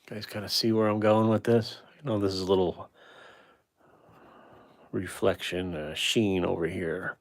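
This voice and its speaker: A man with a fairly low, gravelly voice talks casually to his livestream viewers while he paints. He muses aloud and is self-critical about how the piece is going. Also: fairly even intonation, moderate pace, long pauses.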